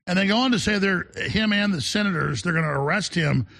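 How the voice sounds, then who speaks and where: A man hosting a talk radio show, urgent and emphatic as he pitches and interviews. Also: fairly quick, a bit bright. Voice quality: gravelly, husky.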